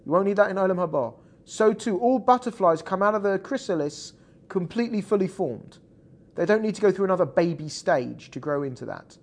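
A man's voice: high voice, expressive, a little fast. A man teaching a Torah class in an explanatory classroom style, checking in with his students as he goes. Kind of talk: classroom lecture.

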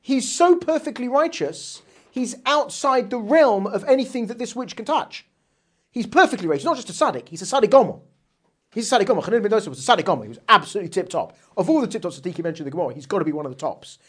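A woman giving a religious text lesson, her pitch swinging widely as she reads passages and explains them. She keeps asking rhetorical questions and talks with animated emphasis. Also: fast talker, husky. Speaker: Torah teacher.

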